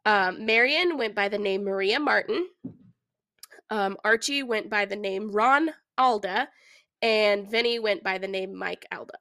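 Bright, chatty woman podcast host. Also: fairly high pitch, no room sound. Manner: chatty, many "like"s and "I don't know"s. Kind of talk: casual true crime chat.

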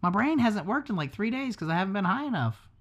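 A man's voice: high voice, very animated, quick pace, fairly bright tone. Joking, foul-mouthed male podcast host. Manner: joking, profane, rambling. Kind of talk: casual chat on a livestreamed podcast.

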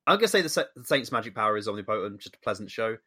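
A man chatting on a podcast, animated, teasing and swearing freely. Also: on the low side, very fast. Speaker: podcast regular. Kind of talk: casual chat.

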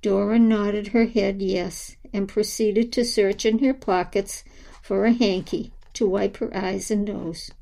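A woman reads a children's story aloud with a gentle, unhurried delivery. Her voice is mellow and soft at the edges, pitched in an ordinary middle range. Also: fairly even intonation, vocal fry, poor audio. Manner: slow, gentle storybook reading. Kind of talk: scripted narration of a children's story.

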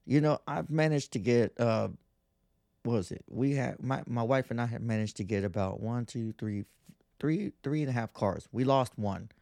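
A man's voice: medium pitch, moderate pace, creaky, a little mellow, no room sound, clean studio sound. A man in his thirties hosting a podcast, ranting in a brash, profane, mocking way and mimicking others in whiny voices. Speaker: podcast host. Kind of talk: casual monologue.

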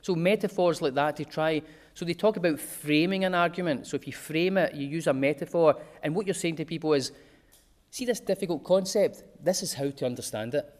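A man's voice: on the high side, fairly quick. A man giving an informal talk to a small group, chatty and digressive, with homely examples.

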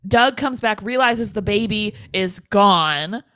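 A woman's voice: mid-range voice, slow pace, a bit bright, no echo, clean studio sound. A woman co-hosting a podcast, giving a playful, casual recap of a horror film's plot. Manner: playful and laughs easily, walks through plot beats. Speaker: podcast co-host.

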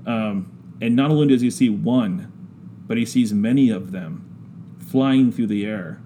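Man, casual storyteller, low mellow voice, halting pace, faint hiss. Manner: slow, drawn-out, halting with many ums. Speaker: podcast guest discussing scripture.

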